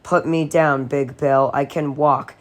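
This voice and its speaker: A man's voice: fairly high pitch, steady tone, slow. A male reader playing a dazed, grumpy joker just waking up, sleepy mutter. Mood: groggy. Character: groggy hurt young man, wisecracking.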